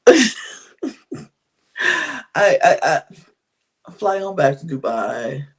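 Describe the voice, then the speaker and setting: A woman's voice: low-pitched, expressive, normal speed, pauses often. A woman hosting a podcast, giving a candid, chatty recap of a reality show, with frequent sighs and laughs. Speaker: podcast host.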